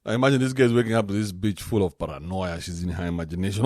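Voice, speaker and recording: A man hosting a podcast, talking in a casual, joking rant with an animated manner. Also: deep voice, rapid-fire, dry recording, studio quality. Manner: animated, joking, swings into mocking put-on voices. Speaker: podcast host.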